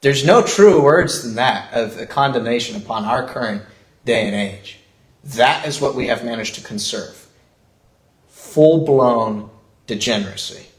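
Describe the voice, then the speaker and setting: A man's voice: medium pitch, animated, unhurried. A man preaching a sermon as pastor, in a conversational style that is broken often by chuckles. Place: church sanctuary. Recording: roomy church echo.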